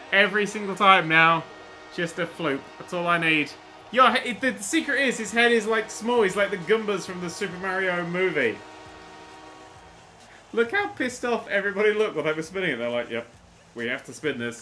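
A man commentating on a video game he is playing, excitable and sweary with jokey exclamations. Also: high voice. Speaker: gaming YouTuber. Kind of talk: let's-play commentary. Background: faint game music.

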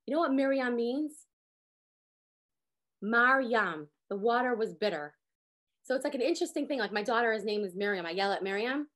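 A woman in her thirties teaching a lively Torah class, acting out quotes with sudden jumps in pitch. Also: normal speed, pauses often. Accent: sprinkles Hebrew words. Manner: animated, acts out quotes with big pitch jumps.

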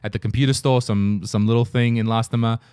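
Man, podcast host, mid-pitched voice, quick joking delivery, dry close mic. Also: fairly even intonation, darkish tone, clear, resonant tone, dry recording. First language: not Estonian. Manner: quick, joking, laughs often. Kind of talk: casual podcast chat.

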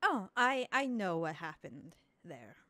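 A woman voicing an ancient, immortal female being who speaks in a measured, quiet way. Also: fairly low pitch, very animated, dry recording, studio quality, voice pushed down, full character voice. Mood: calm, knowing.

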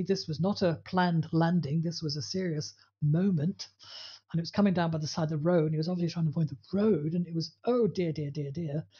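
A woman's voice: lowish voice, darkish tone, breathy edge, highs cut off. A woman co-hosting a podcast about dog training, talking casually and telling anecdotes with acted-out voices. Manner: storytelling, acts out voices in anecdotes.

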